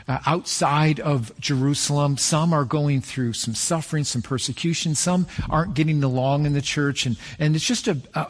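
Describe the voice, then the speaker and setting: Middle-aged guy pastor giving a sermon, kinda high voice, talks casual, gets animated. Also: husky. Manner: conversational storytelling with animated peaks.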